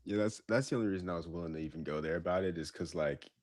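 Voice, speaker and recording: A man's voice: low-pitched, very fast, dry recording, studio quality. A laid-back young man co-hosting a casual podcast, talking loosely with lots of slang. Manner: laid-back, lots of bro and like, laughs often. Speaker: podcast co-host. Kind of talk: casual chat.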